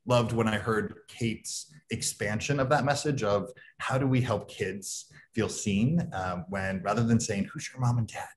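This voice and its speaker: A man's voice: fairly low pitch, a little hiss or hum. A man hosting an event, giving casual spoken remarks that halt often with ums and uhs. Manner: halting, many ums and uhs. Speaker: event host.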